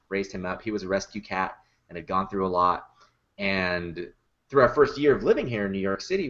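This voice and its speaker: On a casual podcast, a man who makes and performs puppets shares chatty stories, laughing often and leaning on fillers. His voice is lowish with a fairly bright tone, and the recording is muffled.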